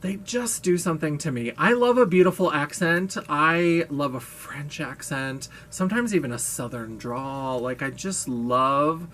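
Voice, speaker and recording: A man's voice: on the high side, a little slow, hardly any pauses, a bit bright, slight background noise. A man vlogging in a casual monologue, gushing, playful and self-mocking, with a brash, blaring voice.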